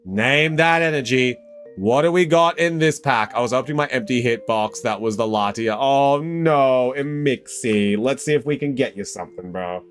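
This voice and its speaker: A young Australian man hosting a casual live stream, chatty and excitable, calling viewers mate and bro and breaking into loud, high exclamations. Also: moderate pace, faint music behind. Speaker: live stream host opening trading card packs.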